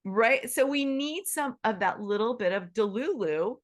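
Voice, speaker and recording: A woman's voice: on the high side, lively intonation, a little slow. A woman hosting an online group session, talking in an enthusiastic, chatty way with many restarts and asides. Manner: acts out quoted voices in bursts. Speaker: workshop host. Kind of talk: casual talk to an online group.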